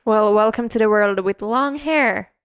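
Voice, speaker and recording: Smooth-voiced woman with gravelly fry, teasing. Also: medium pitch, no room sound, muffled recording. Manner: playful, teasing, quick interjections. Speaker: podcast co-host. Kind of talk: casual chat.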